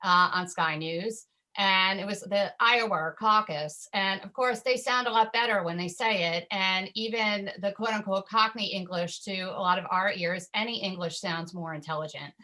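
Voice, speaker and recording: Woman, bright tone, chatty, digressive, video call panelist. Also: mid-range voice, moderate pace, hardly any pauses, poor audio. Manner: talkative, digressive. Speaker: filmmaker panelist. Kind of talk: panel discussion. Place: home.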